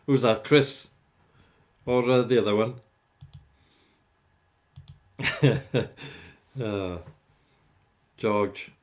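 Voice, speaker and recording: A man's voice: fairly low pitch, slow pace, pauses often. A man hosting a casual livestream, rambling as he chats with viewers by name. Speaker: livestream host chatting with viewers. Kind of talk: casual live chat.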